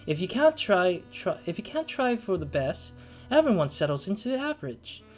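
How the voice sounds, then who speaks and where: A preachy woman voiced by a let's player rails in a raised, deliberate voice. Her attempted Southern twang wavers toward a British lilt, and she trips over her words. Soft music hums underneath. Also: mid-range voice, sing-song, pitched above the performer's own voice, natural voice. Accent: light attempted Southern US twang slipping toward British. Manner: preachy, slow and emphatic, with stumbles and restarts. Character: opinionated woman, Mrs. Green, railing against communism. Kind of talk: let's play voicing of game dialogue.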